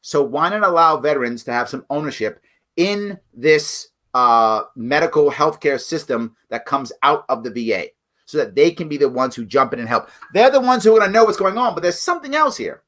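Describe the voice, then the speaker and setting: A man's voice: fairly high pitch, lively intonation, brisk, a bit bright. A middle-aged man hosting a livestream political commentary show, talking bluntly and emphatically straight to his viewers.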